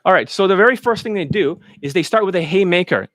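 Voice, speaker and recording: A man's voice: high-pitched, lively intonation, quick pace, hardly any pauses, a bit bright, no echo, studio quality. A man ranting as a dating coach, blunt, profane and mocking.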